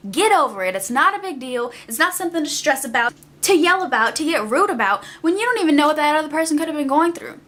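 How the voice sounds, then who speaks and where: A woman's voice: high-pitched, lively intonation, fast, hardly any pauses, a bit bright. A young woman vlogger ranting casually, exasperated and emphatic, often repeating herself for effect. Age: young adult.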